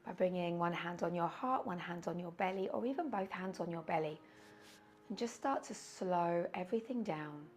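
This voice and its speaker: A woman teaching a yoga class over a video call, guiding slow breathing in a soothing way with audible sighs. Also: on the low side, a little hiss or hum. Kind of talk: guided yoga class instruction. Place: indoors, windy weather outside.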